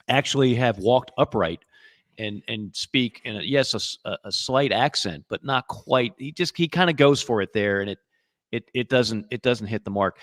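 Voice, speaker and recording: A man's voice: medium pitch, a bit bright, no room sound. A man co-hosting a casual sports podcast, telling movie stories with dry wisecracks. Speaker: podcast co-host.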